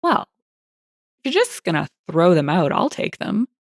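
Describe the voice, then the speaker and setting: A befuddled, tight-fisted grown man at a shop counter, as a woman narrator puts him on, pressing question after question. The voice is bouncy and lively with a gravelly edge. It sits dry and close, with no room sound. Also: fairly low pitch, normal speed, no echo. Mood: confused. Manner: baffled, insistent questioning. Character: dim, penny-pinching adult male customer.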